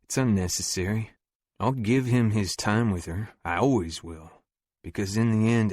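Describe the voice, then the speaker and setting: A man narrates a first-person romance audiobook calmly and resolutely, with a possessive edge. His voice is fairly low. The recording is close and dry. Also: normal speed, no echo.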